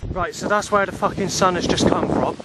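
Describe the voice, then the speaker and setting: A man's voice: high voice, steady tone, a little fast, very noisy. Sweary rambling man walking outdoors. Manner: rambling, heavy swearing, flares into angry shouting. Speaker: vlogger. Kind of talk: rambling walking vlog monologue. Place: outdoors, walking along paths. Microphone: handheld phone camera.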